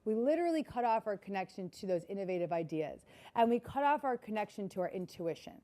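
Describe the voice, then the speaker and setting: Speaking quickly, with a dark, medium-pitched voice and lively intonation, a keynote speaker addresses a live conference-hall audience. Her talk is earnest and repetitive, and she keeps asking the audience questions.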